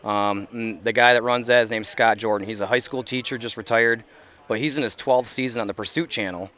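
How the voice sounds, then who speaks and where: Outdoors at an event, a middle-aged man chats earnestly as a podcast guest in a casual interview, rambling with plenty of fillers and restarts. His medium-pitched voice is steady and a bit bright, moving fairly quickly.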